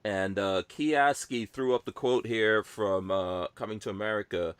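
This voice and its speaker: A man's voice: lowish voice, a little slow, clear, resonant tone, no echo. A man hosting a casual podcast chat, joking around, laughing often and reading out comments from the chat. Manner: jokey, laughs a lot, reads from the chat. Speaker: podcast host.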